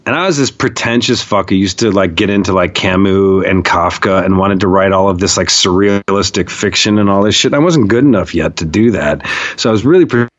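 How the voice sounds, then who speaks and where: A man's voice: sits low, fairly quick, muffled recording. A man telling stories as a podcast guest, rambling and profane, full of fillers. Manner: profane, rambling, animated storyteller with many fillers. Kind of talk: casual storytelling conversation.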